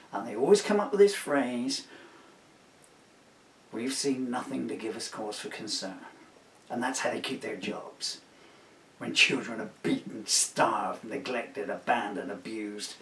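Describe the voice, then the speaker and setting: A gravelly man in his sixties rambles between songs, drifting off on tangents and getting worked up with indignation. He sits back from the mic in a roomy space, so his voice comes across distant and echoey. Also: fairly low pitch, a bit bright, slight background noise. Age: 60s. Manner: rambling, indignant, with many asides and fillers. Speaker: singer-songwriter. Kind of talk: casual spoken talk between songs. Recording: roomy, distant home recording.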